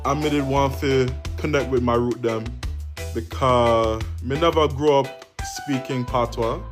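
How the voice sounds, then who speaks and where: A man's voice: medium pitch, fairly even intonation, unhurried. Young man from New York over music. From Long Island, New York. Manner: light, trying out patois phrasing. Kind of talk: casual vlog. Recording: music playing behind.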